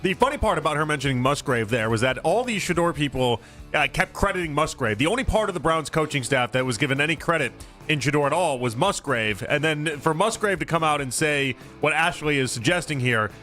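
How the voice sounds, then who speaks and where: A man co-hosting sports talk radio with a wry, laughing manner. He talks very fast in a bright, slightly high voice. Faint music sits behind the studio mic. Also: lively intonation. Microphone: studio broadcast mic.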